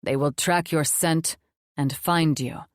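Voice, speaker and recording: A woman voicing a commanding demon wolf man, calm and watchful, with a steady, measured delivery. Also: a little high, no echo, clean studio sound.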